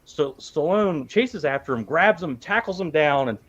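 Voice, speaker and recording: Animated laughing male movie podcaster. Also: fairly high pitch, normal speed, muffled recording. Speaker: podcast co-host. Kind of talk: casual livestream chat.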